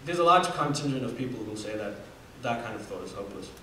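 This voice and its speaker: A man's voice: lowish voice, lively intonation, quick pace, a bit bright, slight background noise. A young man from Namibia telling a personal story as a student speaker, earnest, with fillers and restarts. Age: 20s. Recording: echoey hall from far off.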